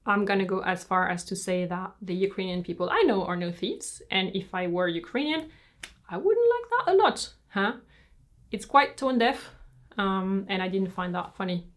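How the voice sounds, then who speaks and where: A woman from France with a French accent hosts a channel and gives opinionated review commentary in a measured, explanatory, frank way. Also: mid-range voice, a bit bright. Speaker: fashion reviewer and host.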